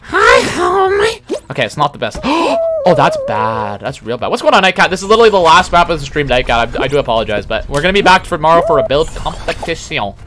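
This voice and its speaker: A man's voice: on the high side, fast talker, few pauses, background noise. Hyped young-sounding man gaming live. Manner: hyped, boastful and excitable, with sudden yelps. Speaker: livestreamer. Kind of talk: casual gaming commentary.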